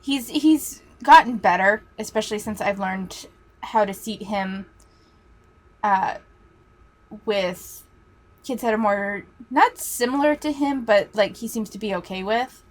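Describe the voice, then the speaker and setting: A woman's voice: medium pitch, unhurried. A woman teacher telling a story in a casual, chatty way, swearing freely.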